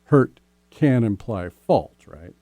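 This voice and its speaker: A man hosting a relationship podcast as a coach, speaking gently and slowly, often ending points with "right?". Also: lowish voice, animated, no room sound. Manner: gentle, slow, many "right?" tags. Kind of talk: casual podcast advice.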